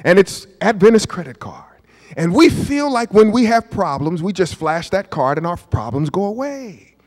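A man in his fifties preaching with a high, lively voice that leaps up and down as he quizzes his congregation. He drops to near-whispers, then bursts into shouts. The sound carries a long church-hall reverb. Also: moderate pace. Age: 50s. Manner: emphatic preaching, questions to the congregation; swings from hushed asides to shouts. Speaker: pastor. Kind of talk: sermon. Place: church sanctuary.

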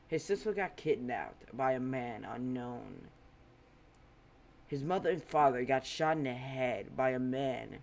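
A man voicing a brooding, smug teenage vigilante in a bat suit, speaking loud, slow and menacing. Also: medium pitch, creaky.

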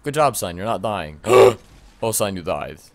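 A young man commenting on his gameplay, excitable and often shouting at the game with mild swearing. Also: deep voice, a little slow, vocal fry. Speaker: let's play gamer.

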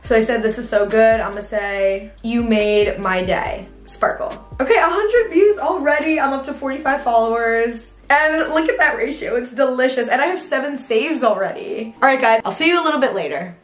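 A woman's voice: high-pitched, faint music behind. Bubbly young woman in an echoey room. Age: 20s. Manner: bubbly, excitable, quick to squeal. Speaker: video editor vlogger. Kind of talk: casual vlog chat.

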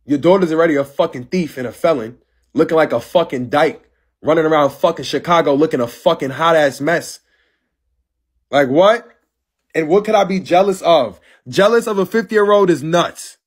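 A man's voice: fairly high pitch, normal speed, breathy edge. A man in his twenties ranting casually on a live stream, brash and profane, calling someone out with sass. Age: 20s.

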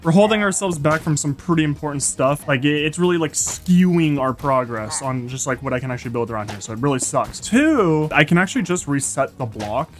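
A young man giving excitable, jokey commentary while playing a block-building game, full of exclamations. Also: fairly high pitch, fairly quick, hardly any pauses, faint music behind. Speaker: Minecraft YouTuber. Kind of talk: gameplay commentary.

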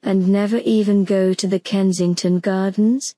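A woman's voice: medium pitch, fairly even intonation, normal speed, no echo, lightly acted. Woman doing a timid little boy. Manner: soft and hesitant. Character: small timid boy, lost and unsure.

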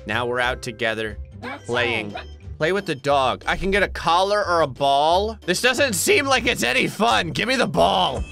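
Give me an excitable man riffing over a video game. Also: on the high side, normal speed, vocal fry, faint music behind. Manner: excitable, jokey, talks back to game characters. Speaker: gaming YouTuber. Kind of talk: comedic let's play commentary.

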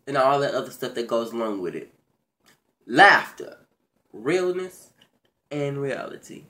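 A man hosting his own video channel, giving a casual, profane, animated recap of a reality show, with big jumps in pitch and loudness and excited stammers. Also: unhurried, pauses often, slight background noise. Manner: stammers and restarts when excited. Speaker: YouTube show recap host.

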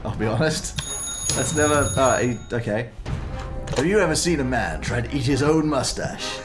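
A man's voice: mid-range voice, expressive, moderate pace, over music. A young man chatting dryly and swearing casually while watching a friend play a game. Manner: dry, wry, swears casually. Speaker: co-host. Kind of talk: casual gameplay chat.

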